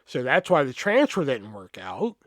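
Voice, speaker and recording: Man, podcast host, animated, profane, acts out quotes, dry sound. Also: mid-range voice, moderate pace, no echo. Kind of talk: casual storytelling.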